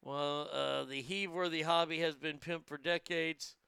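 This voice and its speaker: Crude, brash man with a gravelly voice. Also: a little high, fairly even intonation, normal speed, bright, forceful tone, dry recording, studio quality. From United States. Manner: brash, profane, mocking. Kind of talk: crude comedic news commentary.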